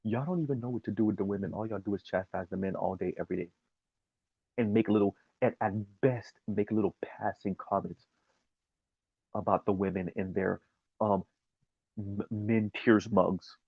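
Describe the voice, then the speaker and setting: A man's voice: lowish voice, steady tone, moderate pace, gravelly, long pauses, breathy edge, no echo, narrow, tinny audio. A man giving an emphatic, sarcastic opinion commentary, often laughing at his own points.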